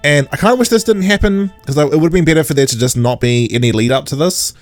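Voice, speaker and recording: A man hosting a casual podcast chat, recapping an episode with animated, laugh-filled storytelling. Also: a little high, soft background music. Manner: animated, laughs often, slips into quick mock voices. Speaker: podcast host.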